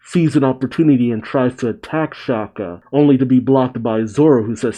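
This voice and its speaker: A man hosting a casual read-along comic reaction, with a mellow, relaxed tone. He narrates, chats between the quoted lines and laughs often. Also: medium pitch, normal speed, few pauses, highs cut off.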